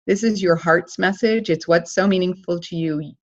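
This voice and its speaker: A woman coaching speakers at a live workshop, walking them through numbered steps with hand gestures in a lively, encouraging way. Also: on the low side, moderate pace, dull audio. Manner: animated, counts steps on her fingers.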